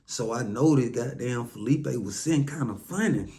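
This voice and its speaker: Man, Atlanta accent, casual storytelling, profane and loose, mid-pitched voice. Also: moderate pace. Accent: Southern American, Atlanta. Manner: loose, profane and conversational, with lively voiced quotes. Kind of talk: casual first-hand storytelling.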